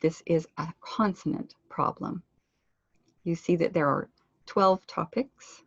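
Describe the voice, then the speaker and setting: A woman leads an online pronunciation lesson in a low, gravelly voice with a husky edge. She speaks deliberately and slows down to model each word. The audio is dry and a little dull, like a web conference microphone. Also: no room sound. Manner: clear, deliberate teaching delivery, slowing down to model words. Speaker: pronunciation instructor. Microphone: computer microphone on a web conference.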